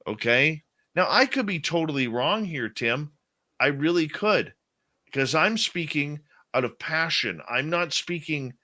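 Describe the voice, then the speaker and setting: A man's voice: fairly high pitch, bright, forceful tone. A man hosting a late-night radio show, talking with passion and stressing his points with a repeated "okay?".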